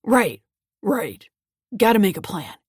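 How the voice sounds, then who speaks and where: Woman voicing a gravelly mean old grandfather. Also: medium pitch, very animated, takes it slowly, no echo, studio quality, heavily acted. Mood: gruff. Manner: curt, bullying.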